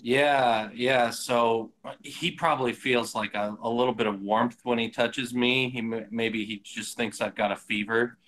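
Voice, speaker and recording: A man's voice: mid-range voice, unhurried, few pauses, a little hiss or hum. A man playing a tabletop game, casually describing his character's actions. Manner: relaxed, speaks his character's actions aloud. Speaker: player.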